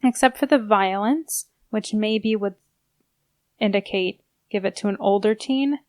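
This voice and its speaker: A woman's voice: medium pitch, no echo. Woman co-host, casual book chat, rambling delivery, dry close recording. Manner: chatty, rambling, quick bursts. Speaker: podcast co-host.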